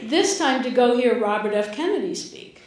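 A woman's voice: fairly high pitch, animated, moderate pace, very echoey, a little hiss or hum, rough recording. Older woman telling a wry personal story. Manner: wry, amused, often laughing while speaking.

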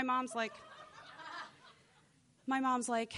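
Bright, animated woman telling a story. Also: medium pitch, moderate pace, pauses often. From United States. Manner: animated, swearing, laughing storyteller. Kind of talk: personal storytelling.

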